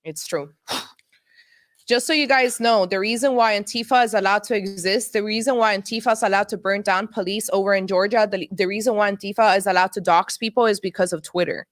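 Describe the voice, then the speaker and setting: A woman's voice: medium pitch, steady tone, fairly quick. A woman with an accent co-hosting a political podcast, talking emphatically and repeating her points. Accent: non-native English. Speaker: podcast co-host.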